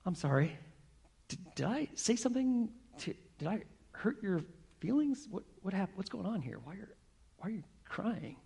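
A man voicing a busy senator who gently and anxiously asks a young intern what is wrong. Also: high-pitched, very animated, moderate pace, vocal fry, husky, heavily acted. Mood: concerned. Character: busy male senator, surprised and concerned.

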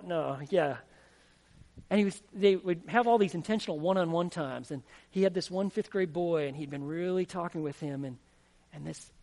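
A pastor with a high-pitched but darkish voice preaches emphatically, putting questions to the congregation, with a long hall reverb on the recording.

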